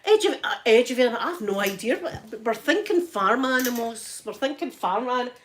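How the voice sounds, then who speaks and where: A woman's voice: a little high, animated, moderate pace. A Scottish woman chatting casually to her viewers at home, talking freely and laughing often. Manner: chatty, laughs often, addresses chat by name. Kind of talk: casual live-stream chat while ironing.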